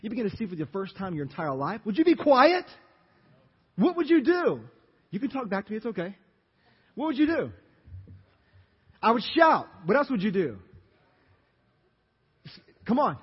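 Pastor with a Louisiana accent, raised voice and husky tone; animated sermon, questions thrown to the congregation, dull audio with long reverb. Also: male voice, high-pitched, normal speed, long pauses. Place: church sanctuary.

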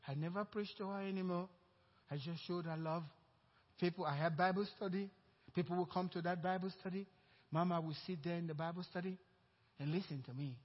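A man's voice: high-pitched, breathy edge, big-room sound, highs cut off. A Nigerian-accented man preaching a sermon, telling a personal story and acting out the dialogue. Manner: storytelling, acting out quoted dialogue, growing louder and more excited. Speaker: pastor.

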